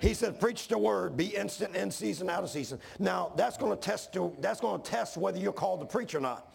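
A man's voice: sits high, lively intonation, fairly quick, creaky. A man preaching a sermon in a folksy style, building to fervent intensity.

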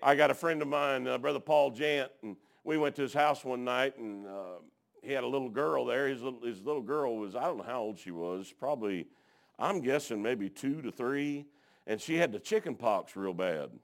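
A man preaching a folksy sermon, telling stories and dropping frequent amens, swinging from hushed to shouting. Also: medium pitch, moderate pace, creaky.

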